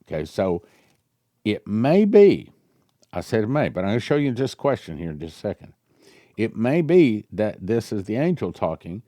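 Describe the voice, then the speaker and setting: A male pastor reading a prophecy aloud to his congregation and commenting on it, growing louder on the quoted passages and musing in the asides. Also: on the low side, moderate pace, no room sound, studio quality. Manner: animated, rising loud when reading quotes, musing asides.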